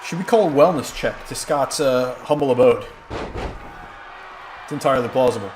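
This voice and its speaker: A man's voice: medium pitch, moderate pace, some chatter behind, slight background noise. A man commentating a wrestling video game on a live stream, rambling and joking through the play-by-play. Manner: rambling, jokey, excitable play-by-play.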